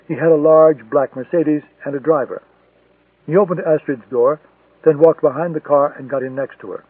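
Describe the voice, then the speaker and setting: A man's voice: a little high, husky, no echo. Male thriller narrator on a tinny line. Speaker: audiobook narrator. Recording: tinny, distant, dry lo-fi recording.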